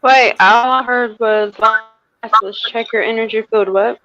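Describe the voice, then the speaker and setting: A woman calling into a live stream, her voice slightly high and completely dry. She tells stories with a sassy, teasing edge over a muffled remote line. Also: fairly even intonation, a little slow, fairly bright tone, dry recording, faint music behind. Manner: sassy, joking storyteller. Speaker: call-in guest.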